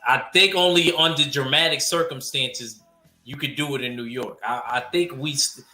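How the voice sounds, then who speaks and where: A man's voice: medium pitch, moderate pace, pushed and bright, faint music behind. A man co-hosting a casual podcast, giving opinions with hesitant restarts. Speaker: podcast co-host. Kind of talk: casual chat. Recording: echoey room.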